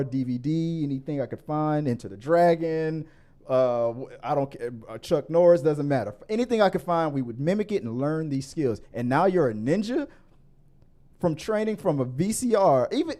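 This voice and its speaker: A man chats casually about a film on his podcast, his voice mellow and warm at a mid pitch. He circles back, restarts and corrects himself often, then pushes harder as he makes his case. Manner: rambling, many restarts and self-corrections; grows animated and higher when arguing. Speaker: podcast host. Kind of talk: casual movie review chat.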